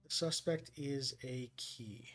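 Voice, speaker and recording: A man's voice: medium pitch, slow, a bit bright. A man streaming a puzzle game, thinking aloud and reading clues as he works them out.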